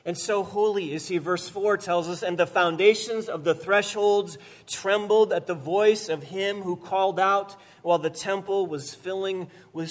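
A man preaching a sermon, swinging from loud emphatic repetition to quiet, slow lines, with touches of gentle humor. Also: high voice. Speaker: pastor.

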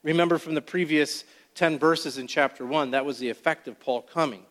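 A man preaching an expository sermon, reading scripture aloud and then explaining it verse by verse with deliberate emphasis. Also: fairly high pitch, fairly bright tone. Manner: deliberate, emphatic Bible teaching. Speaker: pastor. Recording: long reverb of a large hall.

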